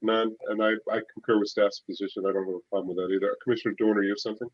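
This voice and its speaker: A man's voice: on the low side, flat delivery, rapid-fire, no room sound, highs cut off. A man chairing a public planning board meeting, running through procedure steadily with filler uhs. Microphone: virtual call.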